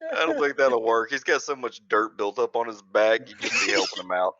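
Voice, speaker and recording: A man's voice: lowish voice, a little fast, sharp tone, no room sound. A man playing in a tabletop game, teasing the others playfully. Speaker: player. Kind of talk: tabletop role-play over a call. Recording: dull lo-fi call audio, dry.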